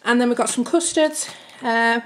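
On camera at home, a young woman from the United Kingdom chats about her family grocery haul in a rambling, slightly breathless way, often calling her audience "guys." Her pitch is on the high side, her pace moderate, and there's background noise.

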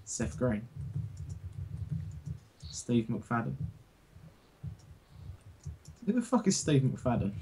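A man's voice: medium pitch, big pitch swings, slow, a little mellow, slight background noise. A young man, rambling and swearing in casual chat while playing a game. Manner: rambling, swearing, stumbling restarts. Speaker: gamer.

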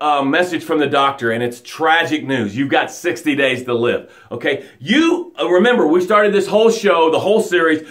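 A man coaching his audience live, preaching with energy and repeating his key phrases, sometimes acting out angry stories with a rising voice. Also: on the high side. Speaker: motivational coach. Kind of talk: live motivational broadcast.

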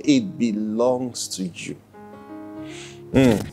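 Male pastor, unhurried sermon delivery, faint music bed. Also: medium pitch. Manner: lively preaching with laughs and acted-out quotes.

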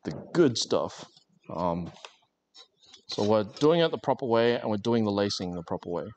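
A man chats to his stream viewers while working on a craft, rambling from joke to joke with plenty of ums and likes. His voice sits a little low, and a faint hum of noise runs underneath. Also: expressive, normal speed. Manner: rambling, joking, many fillers. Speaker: livestreamer. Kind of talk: casual live-stream chat while crafting.

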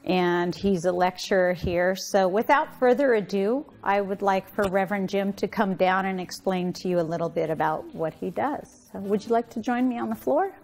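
A woman minister preaching warmly and emotionally at a Mother's Day service, calling on the congregation to respond. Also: medium pitch, moderate pace, few pauses. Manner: emotional, heartfelt and affirming.

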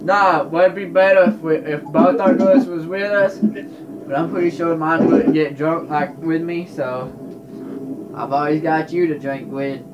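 A drunk young man rambles and swears, slurring and repeating himself. His voice sits high and his pace drags. The home video has a noisy background. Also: fairly even intonation, unhurried, highs cut off. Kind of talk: drunk casual chat.

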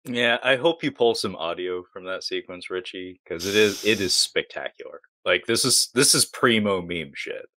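A man's voice: sits low, moderate pace, hardly any pauses, bright, forceful tone, no room sound. A man on a film podcast, chatting casually and sarcastically, laughing often and acting out scenes. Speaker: podcast panelist. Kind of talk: casual film-review chat.

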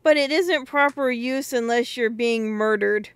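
A woman putting on a talkative railway porter, a good-natured working man spinning a folksy yarn with dropped letters. The voice comes louder and slow-paced, close and dry. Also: a little high, clean tone, no echo.

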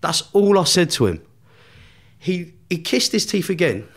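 A man's voice: high voice, very animated, unhurried. A man telling a long story as a podcast guest, swearing constantly and laughing as he goes. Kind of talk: storytelling in casual chat.

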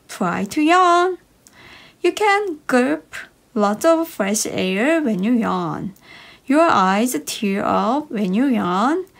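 A woman reading short English science stories for children in a slow, bouncy storybook manner. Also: fairly high pitch, creaky. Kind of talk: slow expressive read-aloud for kids.

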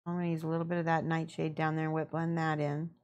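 A young woman casually explaining her painting as she works, chatty and relaxed, answering her viewers and laughing often. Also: low-pitched, fast talker, lo-fi sound. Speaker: miniature painting streamer. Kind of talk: casual painting tutorial chat.

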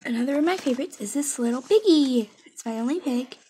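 A woman's voice: sits high, animated, quick pace, mellow, slight background noise. A woman chatting casually from her bedroom as she shows off her toy collection, bubbly and rambling, with whispered asides. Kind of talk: casual chat.

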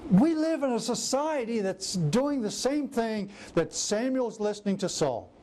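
A man's voice: extremely high pitch, measured pace, a little hiss or hum. A man preaching a sermon who acts out scripture scenes in different voices. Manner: animated, acts out biblical quotes in varied voices.

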